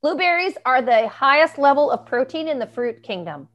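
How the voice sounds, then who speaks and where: A woman guest, a nutritionist, telling animated stories with emphatic asides and laughs. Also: high voice, dull audio. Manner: emphatic, quick asides, laughs between points. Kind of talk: animated storytelling.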